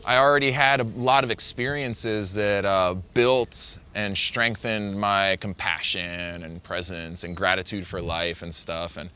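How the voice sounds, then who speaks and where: A man's voice: low voice, fairly even intonation, a little slow, hardly any pauses, sharp tone, clear, resonant tone. A man, a big-wave surfer, telling a personal story casually, rambling with lots of "like" and restarting his sentences.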